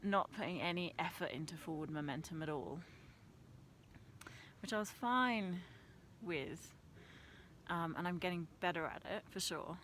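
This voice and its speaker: A woman's voice: on the low side, unhurried, a bit bright, slight background noise. A young woman talking casually and reflectively outdoors on a mountain trail, laughing often at herself. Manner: chatty, laughs often, self-deprecating. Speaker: vlogger.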